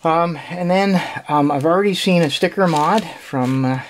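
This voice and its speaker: A man hosting his own puzzle channel, chatting casually through an unboxing in a hesitant, halting way, with frequent restarts and small laughs. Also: a little high.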